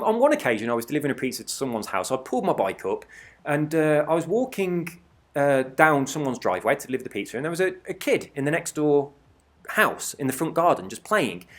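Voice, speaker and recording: A man in his forties telling a story in a casual, animated way, swearing freely as he talks over gameplay. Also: fairly high pitch. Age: 40s. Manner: animated, swears freely, laughs through stories. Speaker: gaming channel host.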